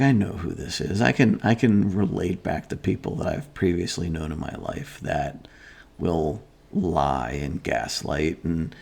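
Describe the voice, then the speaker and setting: A man's voice: sits low, gravelly, a little mellow, breathy edge. A middle-aged man hosting a casual morning chat, telling a rambling story with lots of fillers and restarts. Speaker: host.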